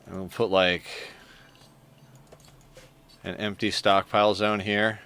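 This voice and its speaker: A man's voice: on the low side, flat delivery, slow, fairly bright tone, clean tone. A man chatting casually on a live game stream, rambling and easily flustered. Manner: rambling, flustered, self-deprecating. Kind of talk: casual live-stream chat while playing.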